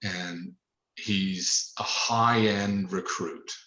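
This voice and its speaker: A man in his fifties from Nova Scotia, once a pro football lineman, talks through old memories on a podcast. His voice sits very low, and he circles back over his words with fillers and false starts. The sound is roomy, with a noticeable echo. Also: fairly even intonation, extremely slow, sharp tone, lo-fi sound. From Nova Scotia, Canada. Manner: rambling, many restarts and fillers, plain-spoken. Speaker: former pro football player, podcast guest. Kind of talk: reflective storytelling in a podcast interview.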